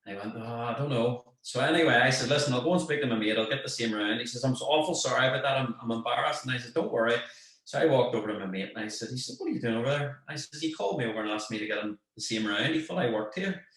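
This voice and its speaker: A man's voice: medium pitch, very fast. Echoey Northern Irish man telling stories. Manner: animated anecdote, acts out quoted voices. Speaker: guest, football manager. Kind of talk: casual storytelling chat. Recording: very echoey room.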